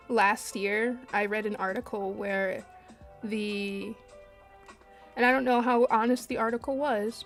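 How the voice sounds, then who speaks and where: A woman chatting casually to her live-stream audience while she draws, animated and laughing at herself. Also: on the high side. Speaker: artist streaming while drawing. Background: faint lo-fi music.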